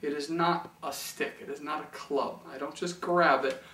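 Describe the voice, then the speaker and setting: A man's voice: on the high side, steady tone, moderate pace, pushed and bright, a little hiss or hum. A man teaching a beginner violin lesson on video, patient and repeating key phrases for beginners. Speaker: music teacher. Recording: echoey room from far off.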